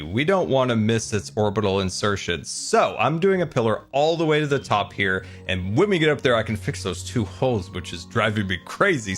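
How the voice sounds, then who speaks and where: A man giving commentary on his own Minecraft gameplay, swinging between frantic high-pitched panic and relaxed explanation. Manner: panicky, squealing, laughing while playing. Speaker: Minecraft YouTuber.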